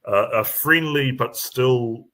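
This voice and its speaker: A man's voice: medium pitch, takes it slowly, sharp tone. A man with a New Zealand accent chatting as a comedy guest, rambling, with lots of ums and restarts. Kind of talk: casual chat.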